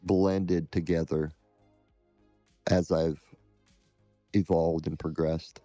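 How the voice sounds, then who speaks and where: A man who streams scam-baiting, answering interview questions in a halting, measured way. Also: deep voice, little pitch movement, warm tone, no echo, faint music behind.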